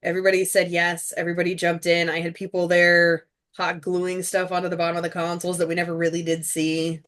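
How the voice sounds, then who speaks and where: A woman's voice: fairly low pitch, completely flat delivery, fast, fairly bright tone. A woman who made the series, chatting casually and gratefully in a commentary, with a loose, rambling way of talking. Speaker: show creator and producer.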